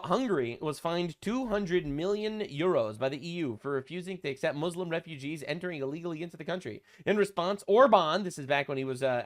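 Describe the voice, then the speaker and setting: A young adult man giving casual online commentary, crude and mocking, rambling with lots of fillers. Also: fairly high pitch. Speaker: commentary channel host.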